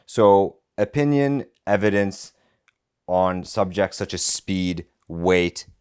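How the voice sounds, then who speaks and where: A man's voice: low-pitched, slow pace, clear, resonant tone. A man co-hosting a podcast, arguing heatedly about a court ruling and reading it aloud, swearing often. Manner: animated, swears a lot, insistent. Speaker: podcast co-host, lawyer.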